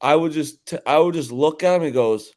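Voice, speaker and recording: A man's voice: on the high side, fairly quick, darkish tone. A man co-hosting a podcast, laid-back in casual chat, trailing off as he recaps. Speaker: podcast co-host.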